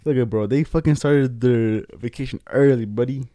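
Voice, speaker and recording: A young man trading memories with a friend in a relaxed, slangy drawl that often trails off. His voice sits at an average pitch, and the recording is dry and close. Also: moderate pace, no echo. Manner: laid-back, slangy, trailing off. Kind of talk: casual chat.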